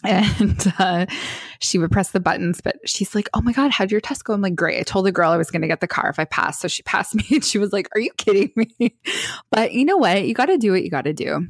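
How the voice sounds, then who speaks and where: A woman's voice: on the low side, fast talker, creaky, no echo, studio quality. A woman co-hosting a casual chat, telling a story with lots of laughter and acted-out quotes. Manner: animated storyteller who acts out quotes and laughs often.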